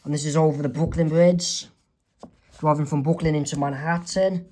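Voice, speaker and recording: A man's voice: a little high, steady tone, dark tone. A man reading aloud and explaining his own comic strip, panel by panel. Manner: slow, halting, with restarts. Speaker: comic artist narrating his comic. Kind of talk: casual comic read-aloud.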